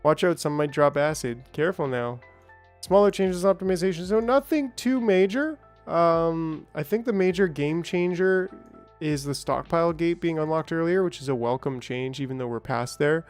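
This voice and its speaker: Man, casual gameplay commentary, slightly high voice, smooth and clear, rambling, soft game music behind. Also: normal speed. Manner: rambling, chatty, greets viewers by name. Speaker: gaming streamer. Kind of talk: casual let's-play commentary.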